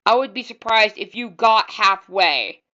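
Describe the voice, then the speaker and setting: A woman's voice: medium pitch, expressive, measured pace, sharp tone, muffled recording. A woman vlogger giving casual, rambling reaction commentary and often repeating herself.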